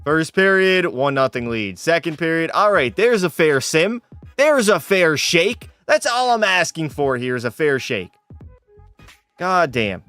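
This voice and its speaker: Young guy streamer, fairly high voice, casual and profane, faint music under. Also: big pitch swings, unhurried, a bit bright, clear, resonant tone, dry recording. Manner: casual, swearing, frustrated outbursts. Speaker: gaming streamer. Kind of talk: live game commentary with chat.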